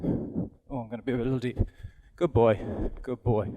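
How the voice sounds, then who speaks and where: A man's voice: medium pitch, steady tone, normal speed, mellow. Irish man riding and talking, echoing arena. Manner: talks aloud while riding, chatty and self-deprecating. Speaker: event rider giving a riding demonstration. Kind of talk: live demonstration commentary. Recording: long hall reverb from an arena.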